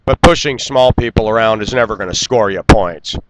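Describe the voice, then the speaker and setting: A man's voice: on the low side, a little fast, background noise. Indignant man ranting to camera. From United States. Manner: indignant, lecturing; clears throat often. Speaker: vlogger. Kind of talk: ranting monologue.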